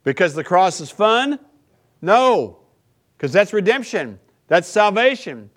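A man's voice: high-pitched, big pitch swings, takes it slowly. A male pastor preaching a sermon in a conversational way, often checking in with the listeners by asking "right?".

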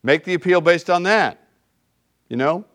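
A man preaching a sermon in a relaxed, conversational way, often checking in with his listeners. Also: sits high, unhurried. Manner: conversational, keeps asking "right?". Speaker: pastor.

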